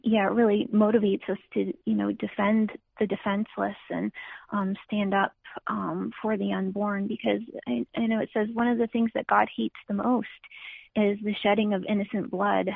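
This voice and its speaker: A woman answering as an interview guest, pausing often and restarting her sentences. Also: medium pitch, gravelly, slightly rough, dry recording. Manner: hesitant, many ums and restarts. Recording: tinny phone line, dry.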